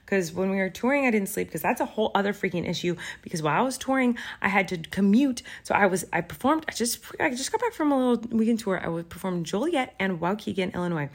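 A woman's voice: medium pitch, fast talker, few pauses. A woman in her thirties co-hosting a podcast in casual chat, rambling and sleepy, with yawns in her talk. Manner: rambling, animated, sleepy and yawning. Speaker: podcast co-host.

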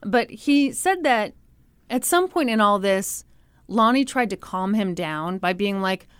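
A woman's voice: medium pitch, measured pace, clear, resonant tone, no echo. A woman podcast host telling a story with sarcastic humor and frequent laughter. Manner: sarcastic, animated, laughs often. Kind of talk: comedic storytelling.

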